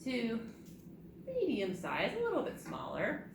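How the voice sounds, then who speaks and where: A woman's voice: fairly high pitch, huge pitch swings, measured pace. A woman librarian leading a preschool storytime, sing-song and playful, drawing out words for small children. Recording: distant, roomy, noisy recording.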